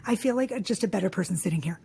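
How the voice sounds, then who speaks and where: A woman hosting a podcast interview, talking in an excitable, emotional, gushing way with lots of restarts. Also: medium pitch, rapid-fire, vocal fry, slightly rough. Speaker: podcast host. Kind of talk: casual interview chat.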